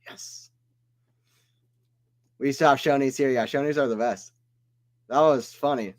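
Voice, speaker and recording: A man from the American South, with an American accent and a medium-pitched, slightly slow voice, gives casual play-by-play commentary on a live stream. Chatty with viewers, he reads the chat aloud and drifts off topic.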